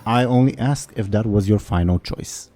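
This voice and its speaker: Low, mellow-voiced man running a game. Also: normal speed, soft background music. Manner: explains rules and voices orcs in quoted lines. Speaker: game master. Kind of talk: narrating a tabletop game.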